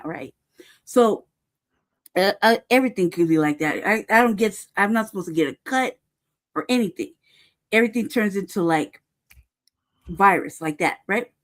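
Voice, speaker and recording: A woman angrily recounting events in casual, profane chat, stressing each point and often tagging "right?". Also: medium pitch. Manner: heated, profane, emphatic; peppers talk with "right?" and "cuz". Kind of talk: casual storytelling.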